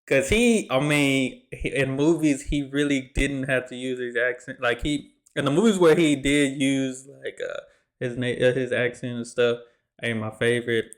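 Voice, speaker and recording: Man, reaction host, casual slangy chat, middle pitch. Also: normal speed. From Texas, USA. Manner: relaxed, slangy, loose phrasing.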